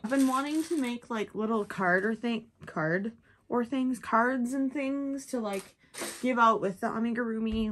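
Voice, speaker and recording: A woman's voice: medium pitch, a bit bright. Young woman, Minnesotan accent, rambling casual chat, giggly asides, crochet vlog. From Minnesota, USA. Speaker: crochet vlogger.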